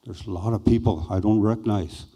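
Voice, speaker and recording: An older man slowly and haltingly recounting a personal experience as a speaker at a conference. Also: on the low side, fairly even intonation, mellow. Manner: slow, halting, reflective. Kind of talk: personal storytelling.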